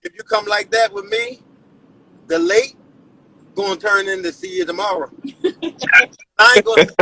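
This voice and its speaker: Gravelly bright-voiced male caller. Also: high-pitched, expressive, moderate pace, poor audio.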